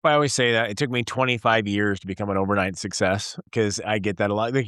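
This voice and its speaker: A man in his forties, a guest entrepreneur, telling stories in a casual interview and acting out bits of dialogue with lively energy. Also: on the low side, fast talker, clear, resonant tone, dry recording, clean studio sound. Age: 40s. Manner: energetic storyteller, acts out dialogue.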